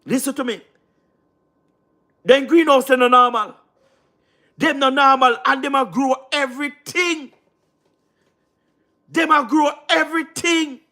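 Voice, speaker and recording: A man's voice: extremely high pitch, steady tone, a little slow, pauses often, sharp tone. A man with a Jamaican accent hosting a casual livestream, talking emphatically, repeating himself and often asking if you understand. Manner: repetitive, emphatic, keeps asking "you understand what I mean?". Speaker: livestream host.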